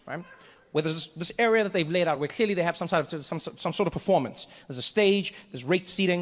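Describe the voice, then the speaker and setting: Animated high-voiced stand-up comedian. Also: male voice. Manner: animated, self-mocking storytelling with act-outs. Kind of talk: stand-up storytelling. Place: live comedy venue. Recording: echoey live venue with faint ambience.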